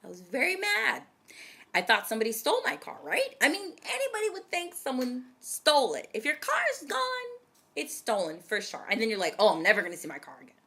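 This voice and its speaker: A woman's voice: high-pitched, brisk. A woman in her twenties telling a personal story to her viewers in a casual vlog, dramatic and chatty. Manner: animated, dramatic storytelling that addresses viewers directly. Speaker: vlogger.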